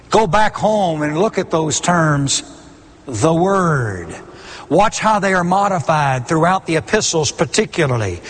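A middle-aged male preacher delivers his sermon slowly and deliberately, leaning on repeated words for emphasis. His voice sits a little high for a man. Long reverb from the sanctuary trails behind every phrase. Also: fairly bright tone.

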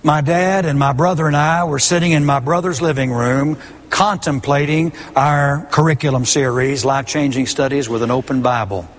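A man's voice: on the high side, normal speed. A middle-aged man preaching a sermon, stressing his points by repeating key words. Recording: long hall reverb.

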